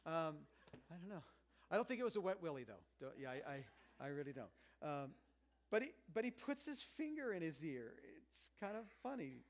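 A man delivers a sermon in a loose, conversational style, joking with the congregation. His voice sits a little higher than most men's. He swings from near hushes up to loud, pressing emphasis. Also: sing-song, moderate pace. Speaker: pastor.

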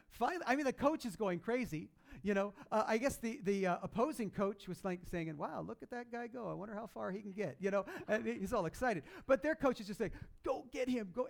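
A man preaching a sermon, telling a story in a conversational way with many fillers and restarts, getting loud when excited and soft and low at sad moments. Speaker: pastor.

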